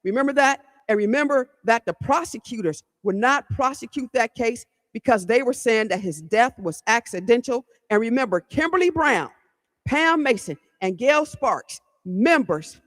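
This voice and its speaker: A woman's voice: fairly high pitch, lively intonation, moderate pace, fairly bright tone. Fired-up woman host, ringing reverb. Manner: blunt and fired up, swears, repeats phrases, talks straight to listeners. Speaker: podcast host. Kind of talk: storytelling podcast rant. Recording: long hall-like reverb.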